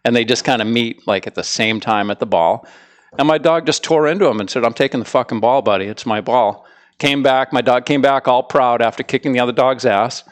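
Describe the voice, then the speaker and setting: A man's voice: medium pitch, brisk. Laid-back teasing man on a podcast. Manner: laid-back, teasing devil's advocate who drifts into long anecdotes. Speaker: podcast co-host, dog trainer. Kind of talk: casual podcast chat.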